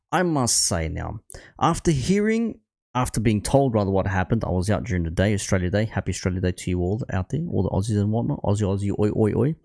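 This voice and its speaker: A man's voice: fairly low pitch, darkish tone. A man hosting a football channel, ranting bluntly and swearing often. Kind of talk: ranting commentary.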